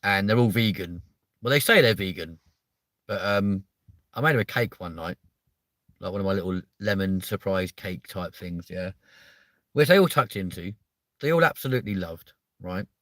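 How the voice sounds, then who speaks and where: A man's voice: sits low, animated, moderate pace, long pauses, fairly bright tone, no echo. A young man, chatting casually to viewers on a live stream, rambling and swearing his way through stories.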